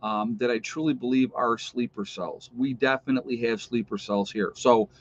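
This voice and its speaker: A man hosting a casual livestream, chatting with viewers and reading out their comments, with frequent pauses and fillers. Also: medium pitch, steady tone, no echo, dull audio. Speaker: livestream host.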